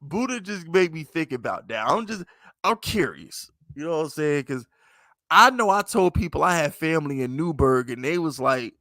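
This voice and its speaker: A man hosting a casual livestream sports chat, animated and profane, laughing often. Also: fairly high pitch, normal speed, dry recording. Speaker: podcast host.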